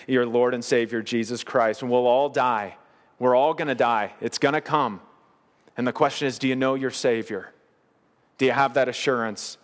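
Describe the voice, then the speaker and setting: A man preaching a sermon as pastor, earnest, slowing down on the key phrases. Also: medium pitch, big-room sound.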